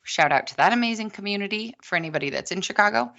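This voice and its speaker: A woman's voice: mid-range voice, lively intonation, rapid-fire, creaky, fairly bright tone, dull audio. A woman guesting on a podcast, talking casually and at length, with many asides. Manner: long-winded, chatty, many asides. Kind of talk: casual chat.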